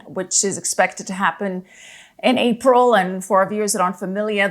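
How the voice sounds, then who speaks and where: A woman's voice: lowish voice, fairly bright tone. A woman news anchor interviewing a guest, poised, with scripted explanations for viewers.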